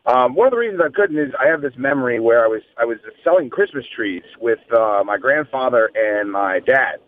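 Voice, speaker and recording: A radio host from the Washington area in casual interview chat, relaxed and joking, heard over a phone line. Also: male voice, medium pitch, brisk.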